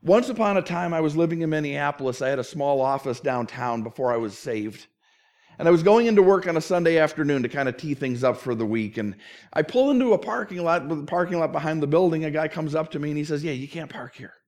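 A man's voice: on the high side, fast. A middle-aged man preaching a sermon as a pastor, telling stories animatedly and acting out the quotes. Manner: animated storytelling with acted-out quotes.

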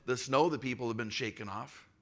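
A preacher voicing an older male pastor, calm, firm and matter-of-fact. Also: mid-range voice, a little fast, lightly acted.

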